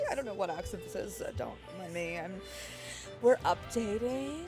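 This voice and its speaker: A woman's voice: mid-range voice, big pitch swings, unhurried, music in the background. A young woman streaming live, chatting casually and giggling as she greets her viewers.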